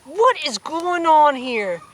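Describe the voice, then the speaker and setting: A woman's voice: fairly high pitch, big pitch swings, measured pace, a bit bright, full character voice. A woman playing a furious pompous store manager.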